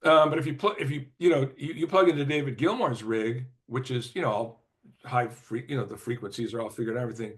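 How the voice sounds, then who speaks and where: An older man, a former record executive, telling stories as an interview guest in a loose, rambling way, with lots of "you know" and throat clearing. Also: mid-range voice, fast talker. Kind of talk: casual anecdotal storytelling.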